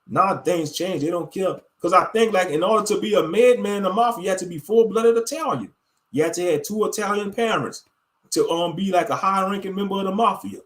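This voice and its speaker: A man's voice: high-pitched, a little fast. A man delivering a blunt, profane ranting monologue as an online show host. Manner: blunt, profane and emphatic, with frequent fillers.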